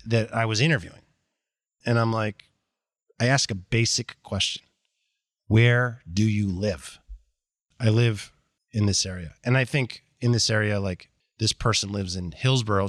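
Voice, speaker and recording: Blunt, animated man telling stories. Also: on the low side, no room sound, clean studio sound. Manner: animated, blunt, self-deprecating, acts out quoted dialogue. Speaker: interview guest, sales executive. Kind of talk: candid conversational storytelling.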